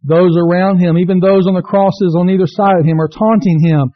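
A man's voice: sits high, steady tone, a little fast, no echo, highs cut off. A man preaching a sermon, reading scripture aloud and building to impassioned cries. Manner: reads scripture aloud to the congregation. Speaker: pastor.

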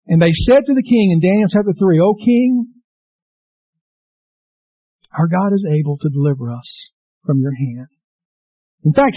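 A man preaching a sermon, telling a personal story in an animated, folksy, emphatic way. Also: on the high side, slightly rough, dry recording. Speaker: pastor. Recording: dull, slightly muffled sound.

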